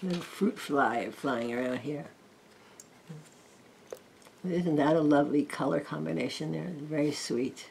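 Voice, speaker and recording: An older woman gently chatting as she flips through and reviews a deck of oracle cards, with admiring asides. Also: low-pitched, unhurried, vocal fry, long pauses, slight background noise. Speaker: tarot card reviewer. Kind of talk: casual card flip-through chat.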